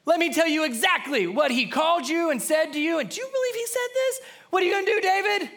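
A preacher acting out excited young men reporting an insult, shouting and worked up. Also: male voice, very high-pitched, fast talker, gravelly, voice pushed up, full character voice. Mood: agitated. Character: excited young male messengers, indignant.

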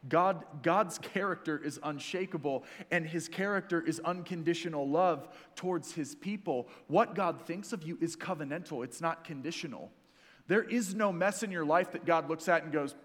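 A man preaching a sermon in a church, earnest and emphatic, dropping to soft, intimate lines between stronger passages. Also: a little high, normal speed, big-room sound. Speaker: pastor.

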